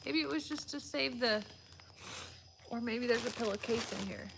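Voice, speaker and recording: A woman's voice: on the high side, moderate pace, gravelly. A woman chatting casually on a live stream while she opens gifts. She gets emotional and is often close to tears. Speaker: vlogger opening viewer gifts. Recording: loud background noise with crinkling.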